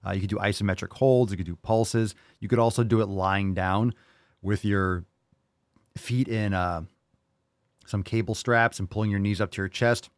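Brash, joking male host, low voice, dry close sound. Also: fairly even intonation, normal speed, no echo. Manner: brash, jokey, swears freely, bursts of loud enthusiasm. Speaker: podcast host answering listener questions. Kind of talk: casual fitness podcast chat.

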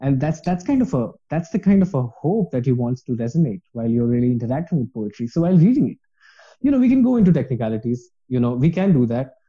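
A man's voice: mid-range voice, very animated, fast, mellow, breathy edge, dull audio. A man talking earnestly and passionately about reading poetry, rambling with many fillers in a casual podcast chat.

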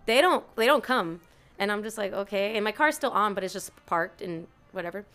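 A woman's voice: medium pitch, lively intonation, brisk, a bit bright. A young woman telling a long story in casual chat, rambling with lots of fillers and acting out quotes. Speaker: storyteller guest.

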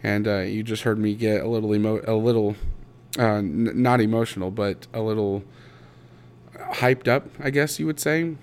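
A man in his thirties telling his own story in a personal monologue, halting and restarting his words, emotional and close to breaking. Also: fairly low pitch, fairly even intonation, darkish tone, clean tone. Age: 30s. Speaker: podcast host.

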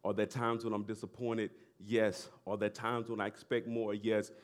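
A middle-aged male pastor preaching a sermon in a loose conversational way, with laughing asides and loud bursts of emphasis. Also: on the low side, little pitch movement, moderate pace.

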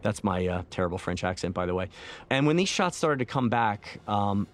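A man, a film director, talking through his movie in a relaxed, reflective audio commentary, with many fillers and restarts. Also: lowish voice, moderate pace. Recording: faint film soundtrack music underneath.

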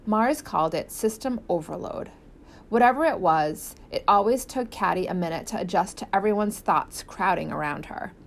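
A woman narrating a children's novel as an audiobook in a lively, expressive reading. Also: medium pitch, normal speed, gravelly. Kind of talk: scripted narration.

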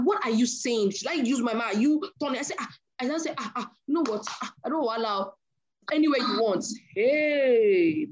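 Lively woman preaching. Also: high-pitched, a little hiss or hum. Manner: animated storyteller acting out dialogue. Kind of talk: sermon storytelling.

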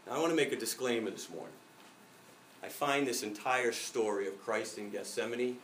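A man's voice: fairly low pitch, fairly bright tone, echoey room, recorded from a distance, slight background noise, rough recording. A middle-aged male pastor giving a reflective sermon, telling a personal story.

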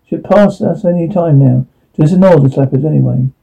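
A man's voice: on the high side, brisk, creaky, mellow, slightly rough, dull audio. A man voicing a young lad consoling a mate. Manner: reassuring, matter-of-fact. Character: young male friend, consoling.

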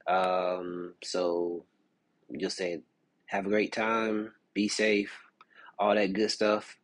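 A man's voice: deep voice, monotone, very slow, no room sound. A man hosting a podcast, talking casually in a rambling commentary with lots of fillers and restarts. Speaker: podcast host.

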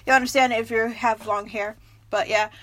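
A young woman talking casually in a vlog, rambling and self-mocking, fast from too much coffee. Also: on the high side, steady tone, fairly bright tone. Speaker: vlogger.

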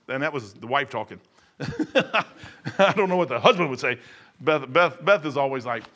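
A man's voice: mid-range voice, lively intonation, normal speed, a bit bright. A man preaching an informal sermon in an emphatic, conversational way, often repeating and restarting his words.

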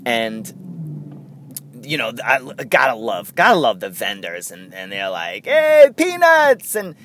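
Animated rambling man, light street noise. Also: fairly low pitch, takes it slowly. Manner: rambling, laughs often, animated. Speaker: podcast host. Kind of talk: casual storytelling chat.

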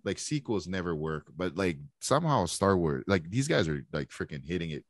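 Deep-voiced man rambling in a dry room. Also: very animated, moderate pace, dry recording. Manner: rambling, filler-heavy, thinking aloud. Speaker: podcast co-host. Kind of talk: casual pop-culture review chat.

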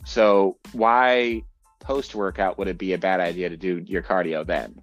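A man hosting a fitness podcast, talking quickly and eagerly, restarting and repeating words as he makes his points. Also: low voice, fairly even intonation, faint music behind. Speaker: podcast host and fitness coach. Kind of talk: casual podcast chat. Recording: dull lo-fi audio.

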